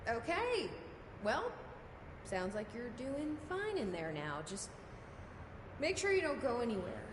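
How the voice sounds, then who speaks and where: A woman's voice: fairly high pitch, very animated, measured pace. A woman voicing a game character in light, teasing conversational dialogue. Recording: echoey reverberant game audio with noise.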